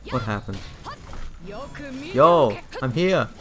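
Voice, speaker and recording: A man's voice: mid-range voice, lively intonation, takes it slowly, fairly bright tone. Jokey young man narrating his gameplay. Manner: chatty, jokey, frequent stumbles and laughter. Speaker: gaming streamer. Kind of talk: casual gameplay commentary.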